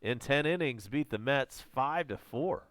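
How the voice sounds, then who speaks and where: Southern American man doing casual live baseball calls, voice worn and close to giving out, dry close mic, clear tone. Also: medium pitch, a little slow, dry recording. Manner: casual, chatty calls with excited home run shouts. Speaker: fan play-by-play announcer. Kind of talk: live baseball play-by-play commentary.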